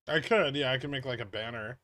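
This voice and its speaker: A man hosting a casual stock-market livestream, reading viewer chat aloud and answering in a relaxed, rambling way. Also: medium pitch, fairly quick, dry recording.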